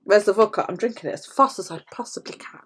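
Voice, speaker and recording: A woman's voice: medium pitch, fast, breathy edge. A British woman vlogger chatting casually to her viewers, swearing freely and laughing often. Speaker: planner vlogger. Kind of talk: casual chat to live viewers.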